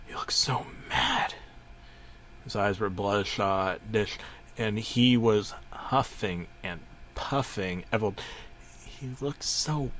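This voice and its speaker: A man's voice: lowish voice, a little hiss or hum. A middle-aged man narrating a parody horror story in a mock-serious way, stumbling over his words. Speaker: creepypasta narrator.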